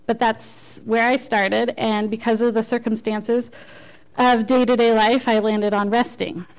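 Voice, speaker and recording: A woman's voice: fairly high pitch, rough recording. Chatty woman giving a church message. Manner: conversational, self-deprecating, with frequent restarts. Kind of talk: informal sermon.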